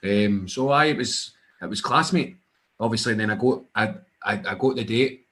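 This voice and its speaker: A man's voice: lowish voice, normal speed, pushed and bright. A young Scottish man, a wrestler, telling stories in casual chat with lots of swearing, acting out the other voices in his anecdotes. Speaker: guest wrestler.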